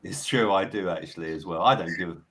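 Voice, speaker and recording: A man hosting a live online show, talking casually and haltingly with lots of fillers as he signs off. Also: sits low, noisy background. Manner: rambling, halting, many fillers and restarts. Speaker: show host. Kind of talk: casual live-stream sign-off chat.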